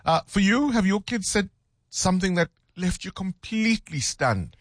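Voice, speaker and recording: A man's voice: high-pitched, expressive, moderate pace, no room sound, studio quality. A man, hosting a call-in radio show and often teasing with a laugh. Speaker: radio host.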